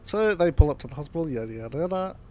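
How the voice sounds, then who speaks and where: A man casually retelling a film's plot on a podcast, relaxed and loose, with fillers. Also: a little high, very fast. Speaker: podcast co-host recapping a film. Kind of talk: casual chat.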